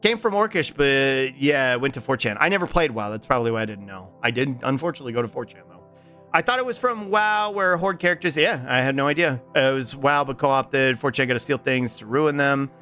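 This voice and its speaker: A man streaming live, chatting loosely with his viewers in a lively voice that swings widely in pitch. He rambles, swears freely and fills gaps with ums and restarts. Faint music plays behind him. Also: brisk. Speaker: Twitch streamer. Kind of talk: casual live-stream chat, reading chat aloud.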